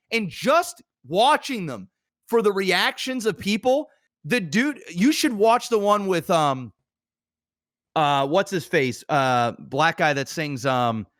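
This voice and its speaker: A man's voice: a little high, fairly bright tone, dry recording, studio quality. A man co-hosting a podcast, talking animatedly in casual, swear-filled chat with many restarts. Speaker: podcast co-host.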